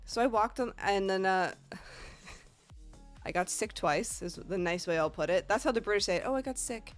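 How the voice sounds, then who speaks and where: A woman's voice: medium pitch, moderate pace, soft background music. A woman with a Northeast American accent, a streamer telling a rambling, profane story in casual chat. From Northeast United States.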